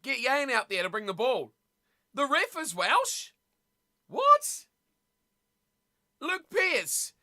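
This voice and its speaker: A streamer giving casual live commentary at a rugby watch party, chatting with viewers and shouting with excitement at big plays. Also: medium pitch, unhurried. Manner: chatty, talks straight to viewers in chat.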